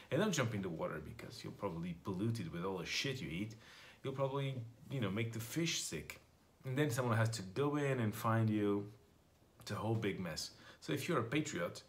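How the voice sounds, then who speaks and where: A man giving a comic monologue in deadpan, darkly sarcastic tones, calling his viewers darlings. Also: on the low side, fairly quick, slight background noise. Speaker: comedian. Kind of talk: comic monologue with a satirical song.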